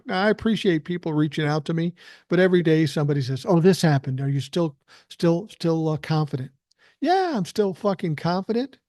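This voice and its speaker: A man's voice: a little high, a little mellow, dry recording, studio quality. Older man, blunt and profane. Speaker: podcast host doing a live stream. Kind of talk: casual live-stream rant. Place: his living room.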